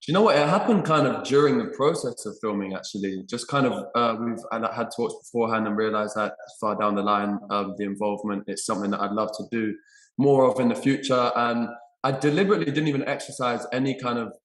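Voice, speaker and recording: A man's voice: mid-range voice, quick pace, a bit bright. A young man with an English accent, an actor answering interview questions hesitantly, often repeating his words. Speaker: actor guest. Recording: roomy echo.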